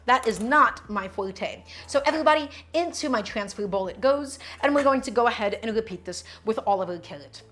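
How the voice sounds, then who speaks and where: Chatty high-voiced woman cooking on stream. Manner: chatty, explains while chopping and answers chat questions. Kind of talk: live-stream cooking chat.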